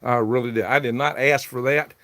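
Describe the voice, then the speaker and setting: A man's voice: medium pitch, fairly even intonation, fairly quick, fairly bright tone. A man hosting a casual livestream, telling a rambling, aggrieved story. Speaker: livestream host selling worms.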